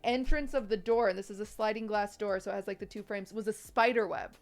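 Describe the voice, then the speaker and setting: A woman hosting a casual call as a streamer, talking in chatty, expressive stories full of fillers. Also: medium pitch, brisk, faint music behind. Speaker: streamer and host.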